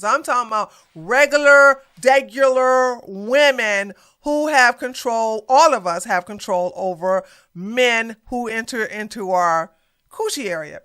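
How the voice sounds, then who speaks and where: Woman commentator, high-pitched and sharp, blunt sass, reaction-style delivery. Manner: blunt, sassy and emphatic.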